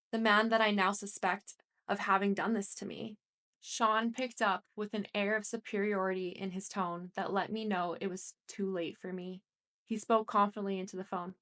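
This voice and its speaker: A woman reading a first-person story aloud as an audiobook narrator, in a plain, steady manner. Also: medium pitch.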